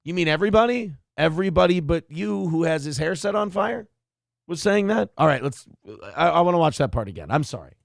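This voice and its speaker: A man's voice: a little high, animated, fairly quick, gravelly, no room sound, studio quality. A man hosting a comedic political show, ranting in a sarcastic, mocking and profane way. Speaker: podcast host.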